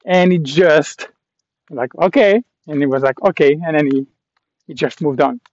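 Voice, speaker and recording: A man from Canada talks as he walks, his voice sitting a little high for a man. He meanders through his thoughts with lots of fillers and restarts, reflective and self-aware. The sound is dry and a bit dull, like a lo-fi recording. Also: normal speed, a little mellow, no echo. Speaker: vlogger walking a long-distance pilgrimage trail. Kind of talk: casual rambling monologue while walking. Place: outdoors on a walking trail.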